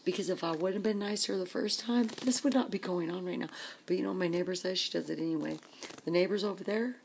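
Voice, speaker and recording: A woman's voice: on the low side, fast talker, vocal fry, darkish tone, a little hiss or hum. A woman ranting in a casual vlog, exasperated and complaining, often dropping to a whisper. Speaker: vlogger.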